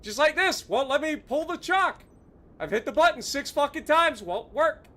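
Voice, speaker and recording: High-pitched angry gaming streamer man. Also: expressive, normal speed, bright, forceful tone. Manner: angry, profane ranting. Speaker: game streamer. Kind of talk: live gameplay commentary.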